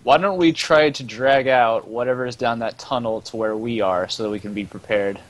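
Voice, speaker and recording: A man's voice: medium pitch, normal speed. A man playing a tabletop game, cautious and tactical, laughing easily. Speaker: player. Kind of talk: casual tabletop play.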